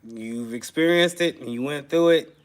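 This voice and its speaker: A man's voice: mid-range voice, moderate pace. A man, chatting casually to camera in a rambling, laid-back way. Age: 40s. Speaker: custom shirt maker vlogger.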